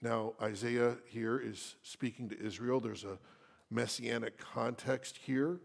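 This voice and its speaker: A male pastor delivers an expository sermon at an unhurried, deliberate pace. His voice has a gravelly, creaky texture. He keeps reading scripture and asking the congregation questions. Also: medium pitch, steady tone.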